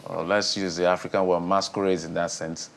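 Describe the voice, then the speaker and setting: Deep voiced guy hosting a tv interview, short affirming replies, slight background hiss. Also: level tone, brisk, creaky. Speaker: TV morning show host. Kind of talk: TV studio interview. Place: TV studio.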